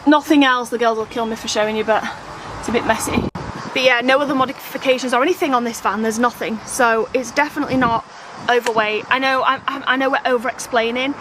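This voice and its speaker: Woman vlogging outside, fairly high voice, all worked up and acting out the dialogue, cars rumbling in the background. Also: quick pace. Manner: animated, exasperated, acts out quoted dialogue. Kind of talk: casual vlog storytelling. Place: outdoors at a campsite by a road. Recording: outdoor phone video with traffic noise. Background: passing cars and outdoor ambience.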